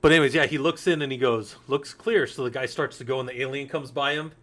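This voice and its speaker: A man's voice: medium pitch, steady tone, fast talker, a bit bright. A man in his forties teaching a Linux security course in a candid, loose way, swearing freely and drifting into anecdotes. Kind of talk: casual technical lecture.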